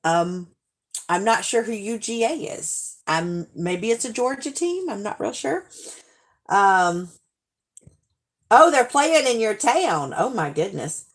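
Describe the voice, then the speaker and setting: A woman with a Southern accent chats on a live stream, answering viewers in a gushing, friendly way. She talks slowly and draws out her words. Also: mid-range voice, lively intonation. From Alabama, US. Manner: chatty, gushing, drawn-out Southern talk. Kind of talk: casual live stream chat reading viewer comments.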